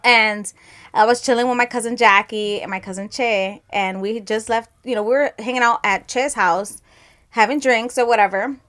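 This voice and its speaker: A young woman co-hosts a casual podcast, spinning stories with lots of energy and breaking into laughter. Her voice sits a touch high for a woman, and her talk stays loose and chatty. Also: moderate pace. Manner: animated storyteller, laughs through her stories. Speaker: podcast co-host. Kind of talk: casual chat and storytelling.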